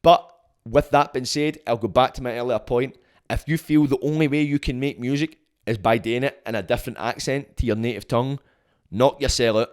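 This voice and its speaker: A man's voice: medium pitch, a little fast, smooth. A young man with a Glaswegian Scottish accent, hosting a podcast and delivering a passionate, sweary monologue. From Scotland. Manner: swears often, fired up, emphatic. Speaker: podcast host.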